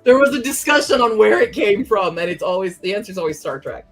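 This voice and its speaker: A woman's voice: medium pitch, animated, brisk, soft background music. A young woman hosting a casual livestream from home, chatting and giggling as she answers her chat aloud. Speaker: livestream host.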